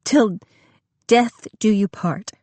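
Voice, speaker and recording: A woman's voice: medium pitch, takes it slowly, darkish tone, no room sound, voice pushed up. A woman reading the part of a young woman who has been deceived by her lover, speaking emotionally and accusingly. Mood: angry.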